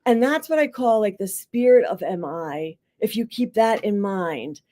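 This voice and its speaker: A school psychologist tells an instructive story during a podcast interview, voicing the characters' quotes with a rising tone. She's conversational and full of fillers like "like" and "you know," speaking at a measured pace in a medium pitch.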